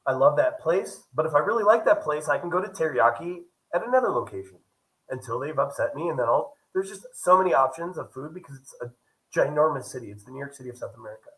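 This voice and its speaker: Animated man telling a travel story. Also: a little high, quick pace, low-quality recording. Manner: animated, acts out quoted dialogue. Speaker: travel vlogger. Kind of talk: casual storytelling vlog.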